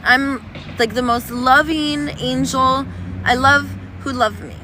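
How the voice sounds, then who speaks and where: A woman's voice: high voice, steady tone, takes it slowly, pushed and bright. A woman chatting on a casual livestream outdoors, reading chat in a playful, doting, sing-song way. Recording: noisy outdoor street recording. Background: traffic noise.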